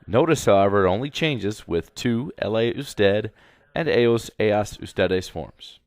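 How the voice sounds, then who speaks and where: A man's voice: fairly low pitch, lively intonation, measured pace, dry recording. A man teaching a grammar lesson slide by slide, speaking instructively and repeating directions to students. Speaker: Spanish teacher.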